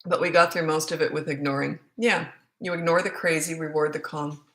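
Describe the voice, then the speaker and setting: A woman's voice: low voice, fairly even intonation, fairly quick, a bit bright. A woman in her fifties, a parenting coach answering questions with emphatic, repetitive advice and some self-mocking laughter. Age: 50s. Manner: emphatic, repeats key advice, laughs at herself. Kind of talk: live Q&A advice. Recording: roomy echo.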